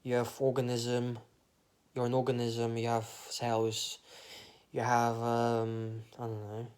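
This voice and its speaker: A man's voice: medium pitch, monotone, slow pace, darkish tone, clear, resonant tone. A man talks in a loose, meandering monologue with a mid-range voice. His train of thought wanders into absurd tangents, and swearing slips in offhandedly. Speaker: vlogger. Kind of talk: rambling comic monologue.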